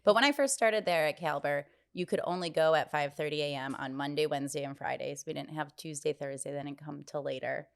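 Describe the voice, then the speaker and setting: A woman with a low voice co-hosting a casual podcast. She talks in a relaxed, low-key way and slips in dry jokes. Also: a little fast, gravelly, hardly any pauses. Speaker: podcast co-host. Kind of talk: casual chat. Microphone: podcast microphone.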